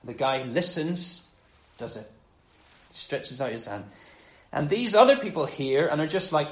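A man preaching a sermon on a gospel passage in a conversational, animated way, dropping low and quiet for emphasis. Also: moderate pace, echoey room, rough recording.

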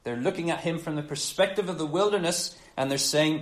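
A man preaching a sermon on a gospel passage in a conversational, animated way, dropping low and quiet for emphasis. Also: fast, hardly any pauses, echoey room, poor audio.

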